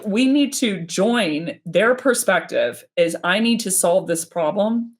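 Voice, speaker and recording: A woman in her thirties hosting a live stream, casual and animated, acting out little quoted exchanges as she explains. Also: mid-range voice. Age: 30s. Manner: animated, nerdy, acts out quoted dialogue.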